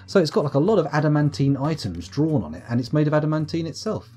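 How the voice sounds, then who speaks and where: A man's voice: fairly high pitch, sing-song, quick pace, few pauses, a little mellow, slightly rough, faint music behind. A British man with a sore throat, chatting and joking self-deprecatingly as he streams a game live from home. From United Kingdom. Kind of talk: live let's-play commentary. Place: at home, upstairs room.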